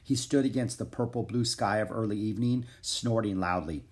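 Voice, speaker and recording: Brief: male storybook reader, even and measured narration. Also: lowish voice. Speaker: audiobook reader.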